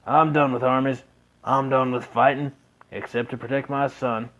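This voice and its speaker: A man voicing a grave older father who gave up soldiering, in a lowered, solemn voice. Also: little pitch movement, moderate pace, a bit bright, lo-fi sound, close to an everyday voice.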